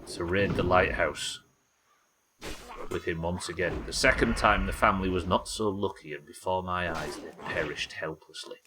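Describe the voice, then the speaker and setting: A man voicing a solemn, ghostly old male sea captain, reading slowly and gravely with a very deep voice. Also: background noise, lightly acted. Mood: mournful. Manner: slow, low, grave quest-text reading.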